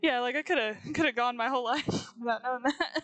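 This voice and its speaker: Giggly high-voiced young woman. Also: quick pace, fairly bright tone, soft background music, poor audio. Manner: giggly storyteller, acts out quotes. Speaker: streamer. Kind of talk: casual chat.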